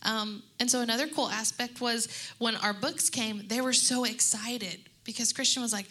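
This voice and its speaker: Thirties woman, panel speaker for moms, animated storyteller, bright and slightly high. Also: normal speed. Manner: animated storyteller who acts out quotes. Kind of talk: faith-based panel talk. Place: room with an audience.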